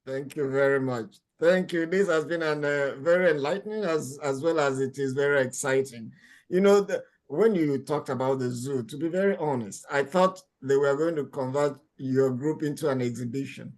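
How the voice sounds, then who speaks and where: A man's voice: on the high side, normal speed. A man hosting a conversational interview, encouraging his guest with short affirmations and frequent laughter. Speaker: podcast host.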